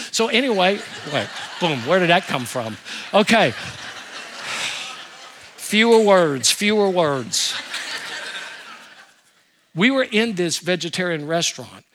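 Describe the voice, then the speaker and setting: An older man preaching a sermon as a pastor, animated and humorous, telling stories and asking rhetorical questions. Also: high-pitched.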